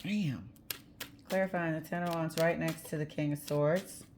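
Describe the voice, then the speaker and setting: Woman tarot reader, low-pitched, chatty and blunt, slight hiss behind. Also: steady tone, moderate pace. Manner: chatty, blunt, laughs easily, occasional swearing. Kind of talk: casual tarot reading.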